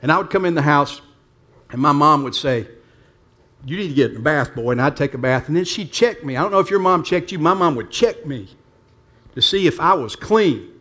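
A little high and fairly quick, the pastor's animated delivery carries his sermon to the church. He talks plainly, shifting from hushed remarks to emphatic statements.

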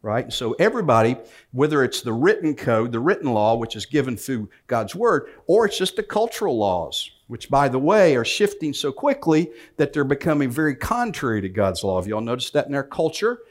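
A man's voice: mid-range voice, big pitch swings, a little fast. A man preaching a sermon, reading scripture aloud and then explaining it in a conversational way with joking asides. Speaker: pastor.

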